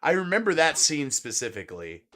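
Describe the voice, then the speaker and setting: A man hosting a casual late-night podcast chat over a video call. He sounds a little high and tired, laughs often and swears a lot. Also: sing-song, fairly quick, background noise. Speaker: podcast host.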